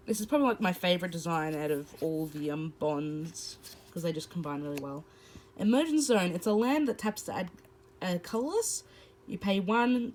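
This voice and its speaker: A woman's voice: mid-range voice, darkish tone, a little hiss or hum, rough recording. Woman reading card text aloud. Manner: reads card text aloud, then chats about it, with fillers. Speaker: host. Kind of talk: casual card-opening commentary.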